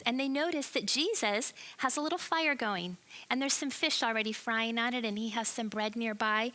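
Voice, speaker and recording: Bright, animated woman telling kids' Bible story. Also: on the high side, poor audio. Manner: animated, asks the children questions. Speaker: children's Bible teacher.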